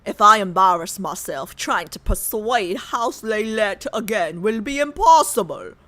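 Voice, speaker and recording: A woman's voice: animated, pushed and bright. A woman doing a stiff mock-British game character. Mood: earnest. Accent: put-on British. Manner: deliberately lowered, stiff mock-posh delivery.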